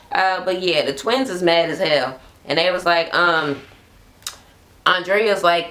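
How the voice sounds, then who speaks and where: A woman's voice: fairly low pitch, moderate pace, fairly bright tone. Blunt, gossipy woman recapping TV. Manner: blunt, profane, gossipy, laughs often. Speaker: reality TV recap vlogger. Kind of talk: casual gossipy recap chat. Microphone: camera mic, talking to camera at home.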